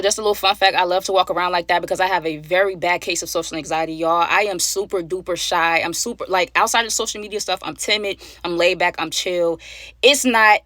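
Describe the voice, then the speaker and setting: A woman telling a story time to her viewers, animated and slangy, talking straight to them. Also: medium pitch, no room sound, studio quality. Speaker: storyteller, channel host.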